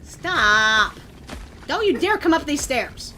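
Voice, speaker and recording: A woman streaming a game, chatting along, muttering to herself and breaking into sudden yells. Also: high voice, sing-song, takes it slowly, slight background noise. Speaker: vtuber streamer. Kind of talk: gameplay commentary.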